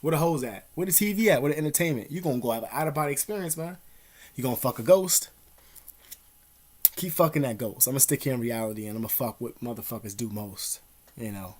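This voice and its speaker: A man's voice: medium pitch, quick pace, a little mellow. A young man giving blunt, profane advice to camera at home in casual street slang, calling the listener "dog" and "man". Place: at home, dogs nearby.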